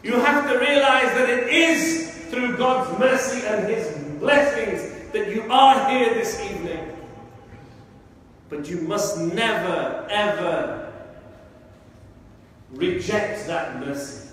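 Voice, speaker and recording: A man's voice: high voice, slow, fairly bright tone, slight background noise. A man, an imam delivering an impassioned, emotional sermon in a mosque hall. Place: large mosque prayer hall. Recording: echoey hall from far off.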